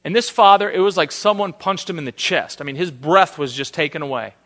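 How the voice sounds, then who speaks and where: Preacher man with a bright, ringing voice. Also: a little high, expressive, brisk. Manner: dynamic, swings between soft and emphatic. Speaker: pastor. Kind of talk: sermon. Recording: long hall reverb.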